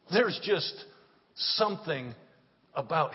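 A man's voice: sits high, big pitch swings. Exuberant preacher man in a reverberant church. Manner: exuberant, call-and-response preaching with drawn-out phrases. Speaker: pastor. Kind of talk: sermon. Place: church sanctuary. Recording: dull sound, long church reverb.

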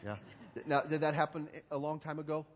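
A man's voice: on the high side, fairly even intonation, a little fast, slight background noise. A man giving a children's sermon as pastor, coaxing the children with many questions and often repeating words as he starts a sentence. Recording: long hall reverb, dull lo-fi sound.

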